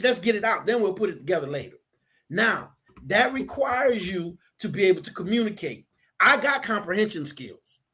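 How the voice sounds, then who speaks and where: A man in casual talk, animated, acting out the people he quotes as he tells stories. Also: sits high, breathy edge. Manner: animated storyteller, acts out quotes.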